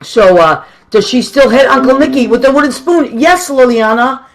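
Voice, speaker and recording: Woman radio host, solo live chat, warm greetings for listeners. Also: sits high, expressive, moderate pace. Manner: chatty and affectionate, greets people warmly.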